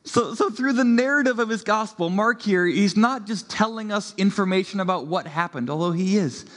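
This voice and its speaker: A man in his thirties preaching in a relaxed, joking manner, often laughing between lines. His voice sits high for a man and rings through a long church reverb. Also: normal speed. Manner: playful, laughing, conversational storytelling. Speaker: pastor. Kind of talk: sermon.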